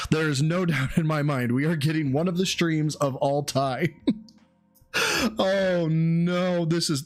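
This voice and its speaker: A man hosting a live stream who mocks the people in the clip, laughs a lot, swears freely and acts out impressions of them. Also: on the high side. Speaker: stream host reacting to a clip.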